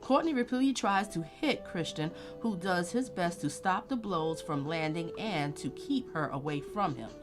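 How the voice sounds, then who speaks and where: A woman hosts a casual live-stream commentary, speaking bluntly and straight to her viewers. Her voice sits low, but her pitch swings widely as she reacts. Faint music plays in the background. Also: lively intonation, moderate pace, few pauses.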